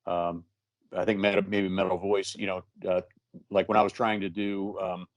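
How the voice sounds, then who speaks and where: Relaxed, low-voiced podcast co-host. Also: male voice, dry recording. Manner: relaxed, halting, lots of fillers and restarts. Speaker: co-host and musician. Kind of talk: casual interview chat.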